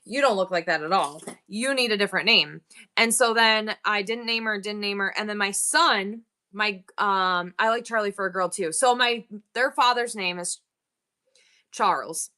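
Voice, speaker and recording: Bright-voiced chatty woman selling live. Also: medium pitch, moderate pace. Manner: rambling, thanks viewers by name mid-story. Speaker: live-stream seller. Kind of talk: chatty live-sale banter.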